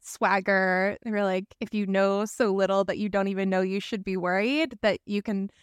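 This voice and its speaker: A woman's voice: mid-range voice, level tone, moderate pace, clean tone, no room sound, clean studio sound. A woman co-hosting an interview, who reflects on and paraphrases what the guest says in a thoughtful way. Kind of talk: conversational interview.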